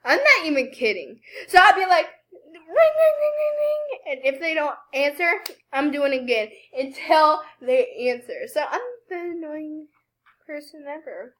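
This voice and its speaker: A woman's voice: high-pitched, expressive, moderate pace, fairly bright tone. A young woman hosting a reaction video, commenting in a casual, incredulous, laughing way.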